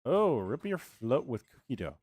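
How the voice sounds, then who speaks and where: A man's voice: mid-range voice, sing-song, normal speed, darkish tone, husky, no echo. A man chatting casually on a live game stream, rambling and answering his viewers' chat as he plays.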